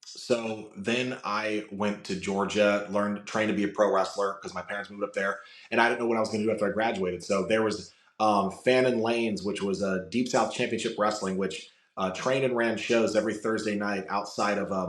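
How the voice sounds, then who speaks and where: A man's voice: fairly low pitch, fairly even intonation, moderate pace. A man from Florida, a podcast guest, telling long personal stories in a rambling way, full of fillers and restarts. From Florida, USA. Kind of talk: casual storytelling chat. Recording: roomy echo.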